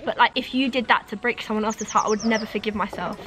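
A woman in her twenties, a YouTube host chatting casually with her sister and telling animated stories. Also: on the high side, fast, a little hiss or hum. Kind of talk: casual chat.

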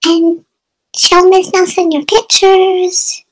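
A very high voice introduces the week's lesson to children, speaking slowly and deliberately. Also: level tone, rough recording.

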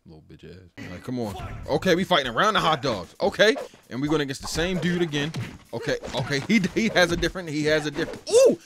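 A man's voice: on the high side, big pitch swings, fast talker, noisy background. A man giving casual, profane gameplay commentary and trash-talking the game's fighters as he plays. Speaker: gaming channel host. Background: game music.

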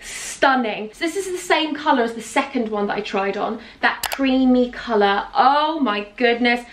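A woman's voice: fairly high pitch, normal speed, a little hiss or hum. Gushing woman in an echoey room. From England. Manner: gushing, chatty, excitable. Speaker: vlogger. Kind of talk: casual chat to camera. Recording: echoey room from a distance off the mic.

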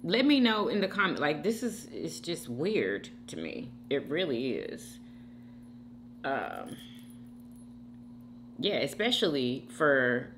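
A woman's voice: fairly low pitch, a little hiss or hum. A woman hosting a mukbang channel, chatting casually to her viewers while she eats and calling out to them often. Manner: animated, keeps addressing viewers as "y'all".

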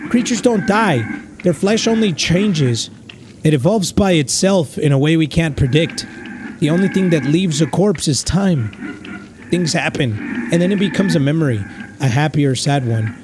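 A man voicing a mysterious plant creature in a video game, speaking its lines in a calm, coaxing way. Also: fairly high pitch, normal speed, noisy background, lightly acted.

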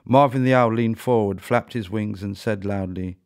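A man narrating a children's story in a calm, clear manner. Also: fairly low pitch, moderate pace.

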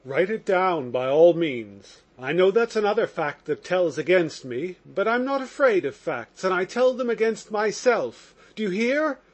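A man's voice: high voice, sing-song, a little slow, hardly any pauses, exaggerated voice. A man voicing an impassioned young man accused of murder, in audiobook narration. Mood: agitated. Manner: impassioned, exclamatory.

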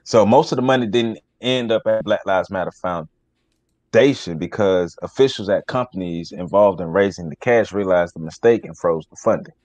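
Low-voiced laid-back podcast host. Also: male voice, a little mellow, no echo. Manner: laid-back, reads news aloud. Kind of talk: casual podcast talk.

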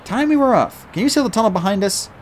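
A man's voice: sits high, animated, fast talker, a little hiss or hum, pitched above the performer's own voice. A man voicing a proud, anxious teenage boy genius in an audiobook reading.

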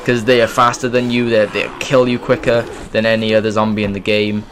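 A man's voice: fairly low pitch, level tone, a little fast, noisy background. A man doing casual let's play commentary, rambling along with sudden exclamations. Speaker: gaming YouTuber.

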